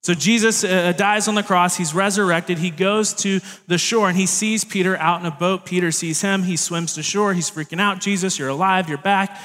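A man's voice: sits high, fairly even intonation, moderate pace, hardly any pauses, fairly bright tone. Young male preacher in a reverberant hall. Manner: conversational, jokey asides to the congregation. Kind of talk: sermon.

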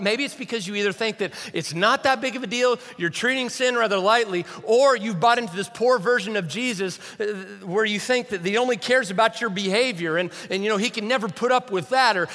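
A man's voice: high-pitched, pushed and bright, long reverb tail. A man preaching a sermon as a pastor, conversational and self-deprecating, often asking the audience questions. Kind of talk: sermon with humor.

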